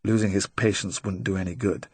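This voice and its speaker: A man with a fairly low voice narrates a crime novel at a measured, even pace. He is close to the mic, and the recording is dry with no room sound. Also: slightly rough, no echo. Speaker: audiobook narrator. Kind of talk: scripted narration.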